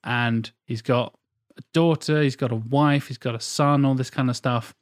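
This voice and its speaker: A man in his thirties talks about films in casual, rambling podcast chat. He swears freely and gushes about what he loves. His voice sits at a middle pitch and sounds dry and close, with no room around it. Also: steady tone, normal speed, no room sound. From England. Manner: enthusiastic, swears often, rambling. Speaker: podcast co-host. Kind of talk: casual film discussion.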